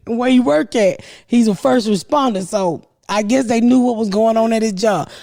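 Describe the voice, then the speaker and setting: A middle-aged woman hosting a comedy podcast, telling a story loudly and profanely and acting out her own shouted lines. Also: on the high side, moderate pace. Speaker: podcast host.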